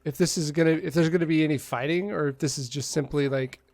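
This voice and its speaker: A man streams a game from home, reading its dialogue aloud in a casual way and tossing jokes to his viewers. His slightly high voice has a gravelly texture, and the close mic sounds dry. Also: fast talker, darkish tone, no room sound. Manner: casual, joking, reads text aloud with asides.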